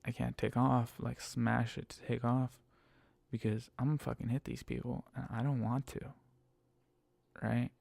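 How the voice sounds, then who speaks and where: A man with a gravelly, dark-toned voice tells a rideshare driving story in a casual monologue. He swears constantly and lays on emphatic exasperation. The sound is dry and close. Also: medium pitch, little pitch movement, a little slow, no room sound. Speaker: rideshare driver telling stories.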